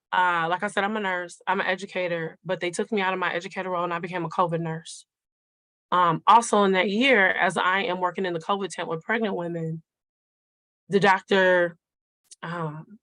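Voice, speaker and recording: Earnest, lower-voiced woman telling a story. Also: a bit bright, dry recording. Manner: earnest, conversational, speaks directly to the listeners. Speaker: nurse sharing a personal grief story at a forum. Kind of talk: personal storytelling to a live group.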